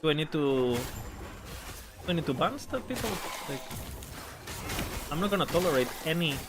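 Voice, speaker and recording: A man's voice: fairly high pitch, big pitch swings, moderate pace, over music. A young man casually commentating his own game stream, often stammering and repeating words, swearing now and then.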